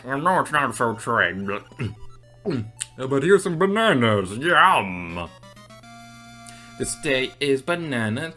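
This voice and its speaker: A frantic male alligator from a video game, voiced loud and overwrought by a woman doing the voice. His pleas rise high and break into shouts, swinging all over. He sounds desperate and theatrical. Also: sing-song, slow, pauses often, soft background music, exaggerated voice. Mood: cheerful. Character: hysterical male alligator craving dog food.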